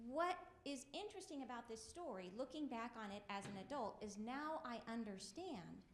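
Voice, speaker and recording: A woman giving a conversational talk to a spiritual gathering, her voice sitting a little high. She often checks in with the room by asking "right?". The sound is roomy and echoing. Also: slight background noise. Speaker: speaker at a spiritual summit. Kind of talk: storytelling talk. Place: event room. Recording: roomy echo.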